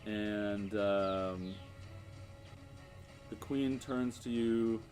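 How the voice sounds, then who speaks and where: A man narrating as game master of a tabletop game, unhurried and hesitant, with many fillers. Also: medium pitch. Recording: music playing behind.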